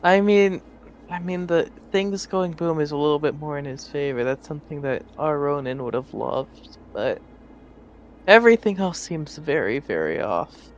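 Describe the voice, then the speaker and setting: A wary, wry male adventurer who stumbles and repeats his words, as a man voices him. His voice is gravelly and sits slightly high. The sound is dull and lo-fi. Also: lively intonation, normal speed, a little hiss or hum.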